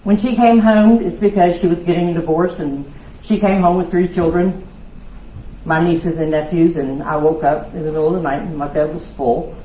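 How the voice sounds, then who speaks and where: A woman, giving a loud, lively personal testimony at a women's conference. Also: fairly low pitch, moderate pace. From South Louisiana. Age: 60s. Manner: loud, lively storytelling with laughs and acted-out voices. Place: church hall. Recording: echoey hall with faint noise.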